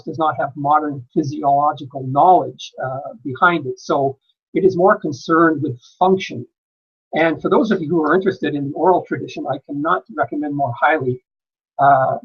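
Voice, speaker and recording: Husky man giving a measured lecture. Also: fairly high pitch, lo-fi sound. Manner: measured, with frequent "uh" pauses. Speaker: conference speaker. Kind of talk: lecture presentation. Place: conference hall.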